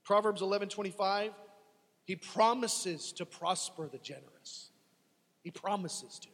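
Male preacher, high husky voice, dramatic delivery, heard with a long reverb. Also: a little slow, a bit bright. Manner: dramatic, acts out desperate pleas to God. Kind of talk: sermon.

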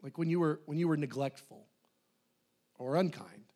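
Animated high-voiced male pastor. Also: moderate pace. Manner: animated, conversational, swings between loud and hushed. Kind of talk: sermon.

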